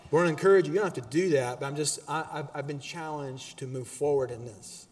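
A man preaching a sermon as pastor in a church auditorium, animated and exhorting, with casual asides to the congregation. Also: on the high side, quick pace, long reverb tail.

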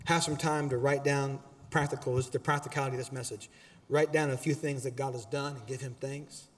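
A man preaching a sermon as pastor in a church auditorium, animated and exhorting, with casual asides to the congregation. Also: medium pitch, fairly quick, big-room sound.

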